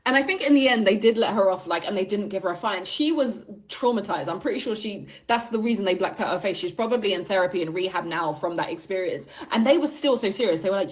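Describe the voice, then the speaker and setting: Woman, casual chat, laughing, animated storytelling. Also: mid-range voice, fast talker, hardly any pauses. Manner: chatty, laughing, animated retellings. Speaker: commentator.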